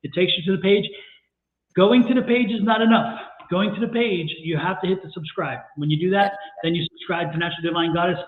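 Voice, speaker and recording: A man's voice: sits high, brisk. Guy reading tarot cards live, pumped up and repeating himself a lot, echoey room, sounds kinda like a phone call. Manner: energetic, exclamatory, coaxing and repetitive. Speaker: tarot reader and co-host. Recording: echoey room over a tinny phone-like line.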